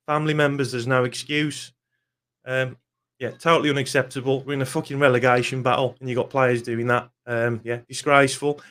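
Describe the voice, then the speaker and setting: A man's voice: mid-range voice, fairly even intonation, fast talker, a bit bright. A young man, ranting angrily and swearing bluntly in a football fan vlog. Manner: angry, swears often, blunt.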